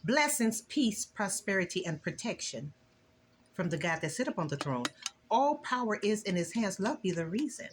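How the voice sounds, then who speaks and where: A woman's voice: normal speed, background noise. Earnest older woman giving a testimony. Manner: earnest, preachy and emotional, with lively swings in pitch. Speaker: vlogger. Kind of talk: heartfelt Christian testimony vlog.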